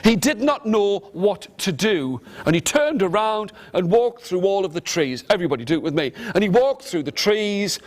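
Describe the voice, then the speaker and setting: A middle-aged man telling an interactive story to a live audience, lively and animated, leading the listeners in call-and-response and gestures. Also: sits high, moderate pace, hardly any pauses. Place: large room with a live audience.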